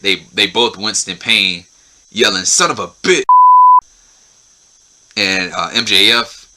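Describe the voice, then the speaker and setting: A young man talks through a wrestling show he watched, his voice sitting a bit low but ringing very bright. He restarts phrases and repeats himself as he gets excited. It is a loose, casual solo recap. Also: rough recording. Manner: repetitive, restarts phrases, enthusiastic.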